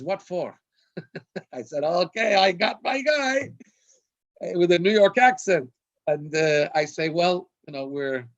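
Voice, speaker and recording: Rabbi telling a funny story, fairly high voice. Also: male voice. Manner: anecdotal, laughing at his own jokes. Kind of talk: storytelling on a video call. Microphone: video call. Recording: dull lo-fi video call audio.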